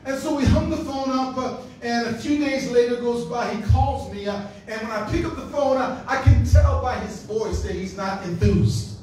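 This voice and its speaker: Echoey high-voiced man preaching a revival sermon. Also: normal speed, darkish tone, a little hiss or hum. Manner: conversational, chuckling, frequent fillers and restarts. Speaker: guest preacher. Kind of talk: revival sermon with personal storytelling. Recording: echoey church hall, far from mic.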